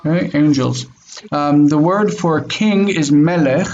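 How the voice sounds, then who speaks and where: Man teaching hebrew on a video call, talks slow, repeats words, kinda muffled sound w/ faint noise. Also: fairly high pitch, a little mellow. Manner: slow, careful pronunciation drills. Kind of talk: online class, patient teaching.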